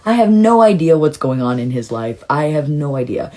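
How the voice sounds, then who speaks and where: A woman telling a personal story in a rambling, emotional way, full of "like" and sudden jumps into excited retelling. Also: moderate pace. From Southern California. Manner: rambling and emotional, heavy use of "like"; swings into excited, high-pitched retelling. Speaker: storytime vlogger. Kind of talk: casual storytelling monologue.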